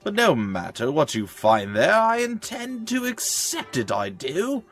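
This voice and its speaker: A mournful, high-voiced phantom servant sobs over a lost master. The voice is thin and distant and wavers with theatrical grief. It rises and falls in exaggerated, swooping lines. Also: male voice, wildly swooping pitch, unhurried, faint music behind, full character voice. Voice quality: high, wailing and far-off. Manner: melodramatic sobbing delivery. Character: weepy high-voiced ghost of a grieving loyal servant. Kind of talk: let's play voice acting of game text.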